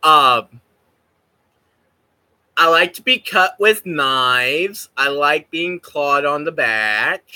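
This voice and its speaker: Male streamer, high lively voice, giggly rambler, unhurried delivery. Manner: rambling and giggly, swears freely. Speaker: livestreamer. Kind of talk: casual stream chat.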